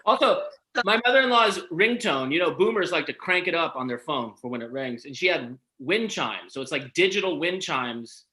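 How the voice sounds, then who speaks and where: A man co-hosting a comedy chat, telling jokes and doing quick impressions in a loose, animated way. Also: fairly high pitch, low-quality recording. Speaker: comedian and co-host.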